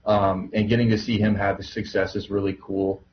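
A man's voice: lowish voice, little pitch movement, normal speed, muffled recording, slight background noise. A man on a casual podcast, easygoing and filler-heavy, listing players he has worked with. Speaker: podcast co-host, minor league broadcaster.

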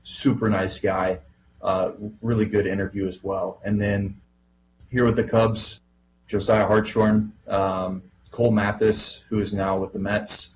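A man's voice: lowish voice, little pitch movement, a little slow, muffled recording, a little hiss or hum. A man on a casual podcast, easygoing and filler-heavy, listing players he has worked with. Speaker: podcast co-host, minor league broadcaster.

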